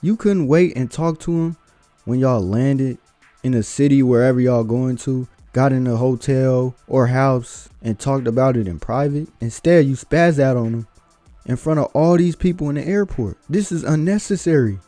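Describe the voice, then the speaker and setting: A man's voice: medium pitch, moderate pace, warm tone, no room sound, soft background music. Blunt, lecturing male commentator. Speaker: reaction video host. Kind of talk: opinionated commentary.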